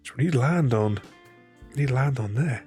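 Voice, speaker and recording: A man's voice: mid-range voice, expressive, unhurried, dark tone, breathy edge, soft background music. A man casually chatting with his viewers while playing a solo board game, thinking aloud and laughing often.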